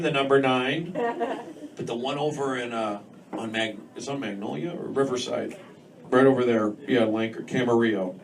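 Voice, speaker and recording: A man's voice: medium pitch, moderate pace, far from the mic. An American man rambles through a stand-up set, jumping from thought to thought and talking straight to the crowd. He is heard from across the club on a very noisy recording, with the audience laughing behind him. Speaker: stand-up comedian. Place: comedy club stage. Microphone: handheld mic, recorded from a distance.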